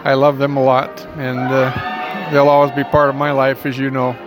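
A man's voice: mid-range voice, monotone, moderate pace. Older grandfather with crowd and music behind. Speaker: grandfather of the bride's children. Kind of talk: recorded well-wishing message. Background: music and crowd chatter.

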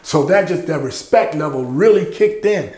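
Speaking at normal speed in a somewhat high male voice, a middle-aged interview guest from Louisiana, a music producer and label head, shares lively podcast anecdotes. He laughs often and acts out the voices he quotes, with reverberation in the recording.

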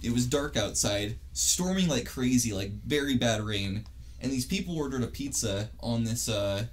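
A man's voice: medium pitch, expressive, normal speed. A young man telling a story in casual chat, rambling and swearing with lots of restarts. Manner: rambling, profane, many restarts.

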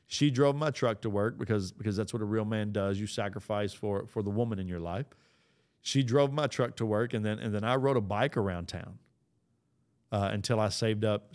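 A man's voice: fairly low pitch, fairly even intonation, normal speed, darkish tone. A man hosting a podcast who tells a personal story in an earnest way, often repeating and restarting his phrases. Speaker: podcast host.

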